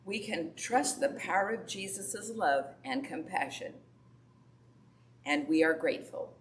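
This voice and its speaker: A woman's voice: on the low side, lively intonation, measured pace. A woman Sunday school teacher telling a Bible story to children and asking them questions. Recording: echoey room from far off, faint background noise.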